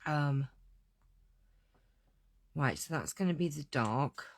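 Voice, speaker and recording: Slow, chatty woman crafting. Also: sits low, lively intonation, dry recording. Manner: chatty, talks to herself while working, scatterbrained. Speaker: card-making tutor. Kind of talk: hands-on craft tutorial.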